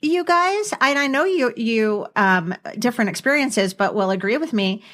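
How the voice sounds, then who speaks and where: An older woman co-hosting a podcast, rambling warmly through a dating story in casual chat. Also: on the high side, lively intonation, normal speed. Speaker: podcast co-host.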